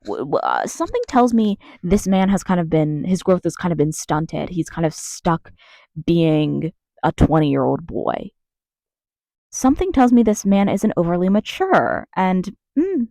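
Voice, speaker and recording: A young American woman rants angrily in a vlog shot in her closet, swearing, rambling and restarting her sentences again and again. Her voice is lowish, gravelly and mellow, very animated yet unhurried, with no room sound.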